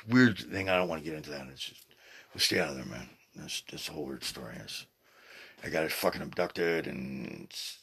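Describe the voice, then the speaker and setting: A man in his sixties hosting a podcast, rambling in a casual, excitable way, swearing freely and often restarting his sentences. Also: low voice, vocal fry, husky. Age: 60s. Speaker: podcast host. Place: at home, seated.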